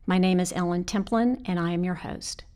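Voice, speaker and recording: A woman's voice: lowish voice, moderate pace, a little mellow. Woman hosting with a formal introduction. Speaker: podcast host. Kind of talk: scripted introduction.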